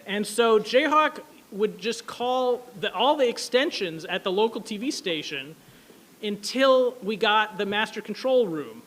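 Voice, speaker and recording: A man telling a casual, animated story to an audience, full of fillers and asides. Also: sits high. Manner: quick, animated, many fillers. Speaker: speaker at an anniversary event.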